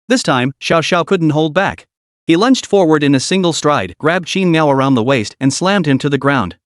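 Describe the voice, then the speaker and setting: A man's voice: a little high, lively intonation, moderate pace, no room sound, studio quality. A man reading a story as narrator in a dramatic storytelling manner. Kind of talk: scripted narration.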